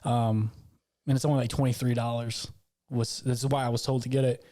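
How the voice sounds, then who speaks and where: A man's voice: mid-range voice, level tone, brisk, dark tone. A man with a Southern US accent hosting a podcast. He has had a couple of bourbons and rambles along casually, chuckling and swearing as he talks. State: tipsy after a couple of bourbons. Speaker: podcast host.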